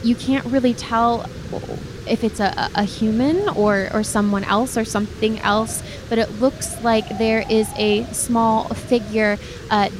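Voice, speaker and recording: A woman's voice: mid-range voice, noisy background. A woman narrating a tabletop game as game master, describing scenes with frequent restarts and addressing the player by name.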